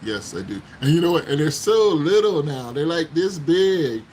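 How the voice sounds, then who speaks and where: A man's voice: on the high side, sing-song, normal speed, darkish tone, a little hiss or hum, low-quality recording. A man hosting a casual livestream, chatting with viewers, laughing often and exclaiming as he talks. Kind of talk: casual live chat. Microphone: phone.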